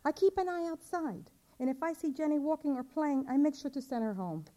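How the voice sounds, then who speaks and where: A woman's voice: sits high, lively intonation, brisk, mellow, pitched above the performer's own voice. A woman voicing a kindly middle-aged shopkeeper's wife who reassures in simple English with Spanish phrases. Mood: reassuring.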